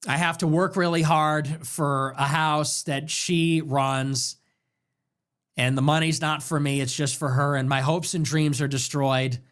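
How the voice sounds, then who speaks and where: A man's voice: a little high, fairly even intonation, unhurried, a bit bright, pitched below the performer's own voice. A man mockingly voicing a miserable, put-upon married man who drones through his complaints. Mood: gloomy. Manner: droning, self-pitying list of complaints.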